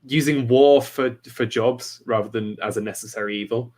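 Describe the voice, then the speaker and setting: A man's voice: mid-range voice, normal speed, darkish tone. A man speaking as a guest on a casual political podcast, hesitant and thoughtful, often restarting his sentences.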